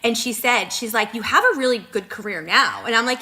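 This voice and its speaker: A woman's voice: on the high side, lively intonation, fairly quick, pushed and bright. A woman in her thirties co-hosting a podcast, chatting casually and retelling conversations with lots of fillers. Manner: chatty, many fillers and quoted dialogue. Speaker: podcast co-host.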